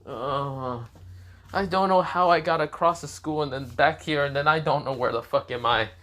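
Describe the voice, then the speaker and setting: A man's voice: a little high, normal speed, fairly bright tone, lightly acted. A man voicing a teenage boy who keeps getting lost, exasperated and swearing. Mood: flustered.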